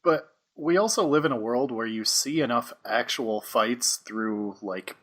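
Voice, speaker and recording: Easygoing man hosting a podcast. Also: mid-range voice. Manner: easygoing, quick to laugh, asks probing questions. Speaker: podcast host. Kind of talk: casual podcast chat.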